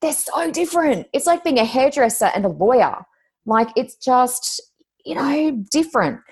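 An Australian woman, a psychic medium and podcast co-host, chatting casually and telling animated stories with high-pitched exclamations. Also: moderate pace, slightly rough. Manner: animated storyteller, acts out quotes with high exclamations. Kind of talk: casual chat.

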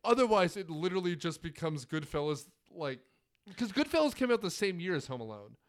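A man co-hosting a movie podcast in a loose, joking way, laughing as he rambles along. His voice is smooth and clear, pitched a little high and very lively in its rise and fall. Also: fairly quick. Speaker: podcast co-host. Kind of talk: casual movie-review chat.

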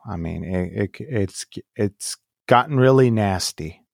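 A man in casual political chat, talking slowly and rambling, often trailing off mid-thought. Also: fairly low pitch, expressive, creaky, dry recording, clean studio sound.

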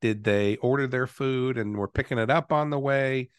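A man hosts a podcast in an easygoing, conversational manner. His voice sits at an average pitch and sounds dry and close, with no room around it. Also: moderate pace, clean tone, no echo. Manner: energetic intro then relaxed conversational. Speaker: podcast host. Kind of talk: casual chat.

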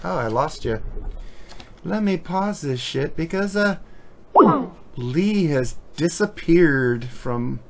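Lively, laughing male podcast host. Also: a little high, slow pace, long pauses. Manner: laughs often, swears, teasing. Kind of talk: casual podcast chat. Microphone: Skype call recording.

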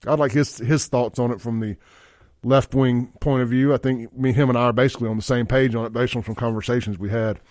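A man's voice: mid-range voice, fairly even intonation, brisk, darkish tone, dry recording, clean studio sound. Blunt talk radio host, man. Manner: blunt, folksy, reads listener texts aloud. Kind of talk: opinionated talk radio monologue. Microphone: studio microphone.

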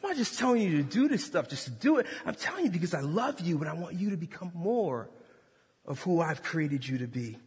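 God as a patient, fatherly deity who speaks gently and pleads, put on by a male preacher. The voice is husky and a little breathy. A long reverb hangs around every word in a large hall. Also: on the high side, big pitch swings, a little fast, pitched below the performer's own voice, heavily acted. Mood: gently pleading.

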